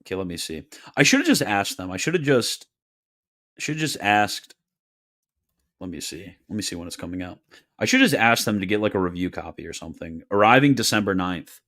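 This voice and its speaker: A man's voice: sits low, lively intonation, a little fast, a bit bright. A man casually hosting a livestream Q&A, reading viewer questions with wry, joking asides and frequent laughter.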